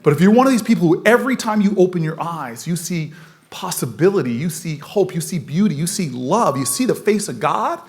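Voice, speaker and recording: A man's voice: fairly high pitch, lively intonation, brisk, a little hiss or hum. A man voicing a stern older woman tenant leader, blunt and lecturing as he retells her words.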